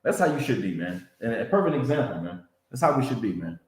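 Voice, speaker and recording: A man's voice: mid-range voice, big pitch swings, fast talker, a little mellow. A man teaching a Bible class in a preaching style, repeating himself and checking in with "you understand?" and "man.". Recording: roomy echo.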